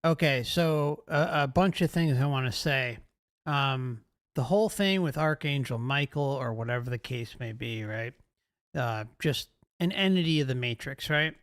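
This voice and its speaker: A man's voice: medium pitch, normal speed, a bit bright, clear, resonant tone, no room sound, clean studio sound. A male host giving emphatic commentary, often asking rhetorical questions.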